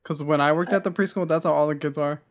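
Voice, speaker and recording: Chatty mid-pitched friend on a video call. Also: fairly even intonation, fast. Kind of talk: casual chat.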